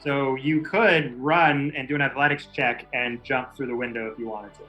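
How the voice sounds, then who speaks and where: A man's voice: mid-range voice, fairly even intonation, moderate pace, pushed and bright, muffled recording, soft background music. A man running a tabletop game as game master, explaining rules and describing the action in a loose, casual way. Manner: casual, laid-back rules talk with swearing.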